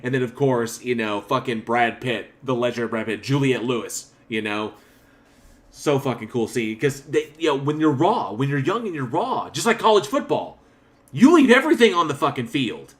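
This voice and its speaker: A man co-hosting a horror podcast in casual chat. His voice sits at an ordinary middle pitch. He rambles through his points, swears freely and laughs often. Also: expressive, moderate pace. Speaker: podcast co-host. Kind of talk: casual film review chat.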